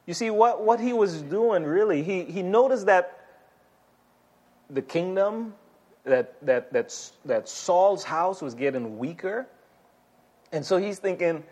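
A man preaching a Bible teaching in a relaxed, conversational way, with asides and frequent repeated words. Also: high voice, slow pace, pauses often. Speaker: pastor. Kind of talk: sermon teaching.

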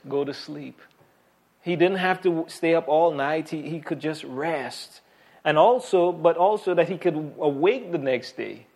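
Earnest man preaching a sermon. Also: fairly high pitch. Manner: earnest preaching with fillers and quoted scripture; drops to a soft hush on key points. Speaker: pastor.

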